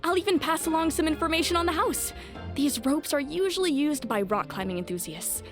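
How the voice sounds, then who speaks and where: A helpful, chatty shopkeeper speaks in a game. Her voice is high and lively. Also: fairly quick, soft background music. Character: friendly female shopkeeper.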